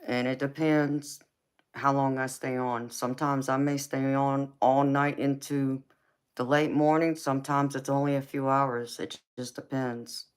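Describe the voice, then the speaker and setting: With a rumbling low voice, a level tone and clean sound, a woman from Georgia hosts a late-night live tarot stream in a slow Southern drawl. Laid-back and quick to laugh, she reads out viewer comments in casual chat, calling everyone honey and baby.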